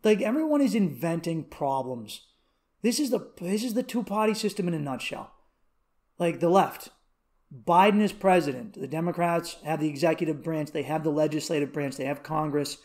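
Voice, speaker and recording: A man in his thirties hosting a comedy podcast alone, rambling through profane, animated stories and rants. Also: on the high side, normal speed. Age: 30s. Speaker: podcast host. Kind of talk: comedic solo podcast rant.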